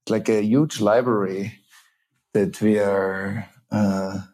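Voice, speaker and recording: A middle-aged man, a teacher and facilitator, explaining ideas earnestly in an interview with many pauses and restarts. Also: fairly low pitch, fairly even intonation, warm tone. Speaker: teacher and trauma-healing facilitator, guest. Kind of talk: reflective interview talk.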